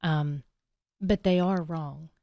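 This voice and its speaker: Soft-spoken woman with a low, gravelly voice. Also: steady tone, no room sound. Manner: gentle, measured, soft-spoken. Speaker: co-host. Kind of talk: calm Christian advice.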